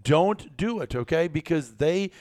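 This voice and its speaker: A man hosting a casual podcast, telling a story in a blunt, profane, animated way. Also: a little high, a little slow, no echo, studio quality. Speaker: podcast host.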